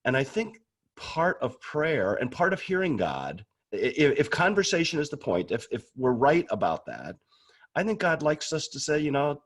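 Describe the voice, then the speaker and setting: A guest speaker on prayer talks casually and candidly in a medium-pitched, sing-song voice at normal speed. He often restarts words as he goes.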